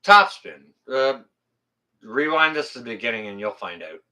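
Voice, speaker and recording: The same kind of livestream host, medium-pitched, expressive and sharp, talks at a moderate pace. He goes through viewer comments in a relaxed, blunt way, cursing freely, drifting around and correcting himself often.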